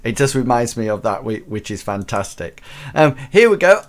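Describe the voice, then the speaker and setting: A man's voice: mid-range voice, animated, normal speed. A man hosting a casual live show, chatting enthusiastically with many fillers and restarts. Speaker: host of a teacher-training live show.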